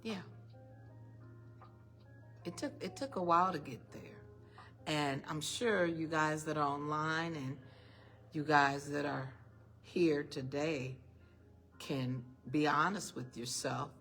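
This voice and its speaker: Speaking slowly in a low, slightly bright voice with fairly even intonation, she pauses often while soft music plays beneath her. The setting is an event room, where she addresses a live and online crowd with an emphatic, faith-based motivational talk, full of rhetorical questions and calls of "honey."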